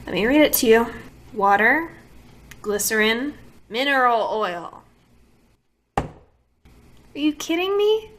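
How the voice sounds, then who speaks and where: A woman beauty vlogger reviews a product casually to camera, complaining dramatically and firing off exasperated rhetorical questions. Her voice is fairly high and a bit bright, with a little hiss or hum in the background.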